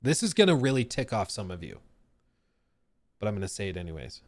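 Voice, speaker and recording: A young man hosting a live stream, chatting casually and joking with his chat in an animated way. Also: on the low side, fairly quick, no room sound, studio quality. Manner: animated, jokey, reacting to chat. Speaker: streamer host.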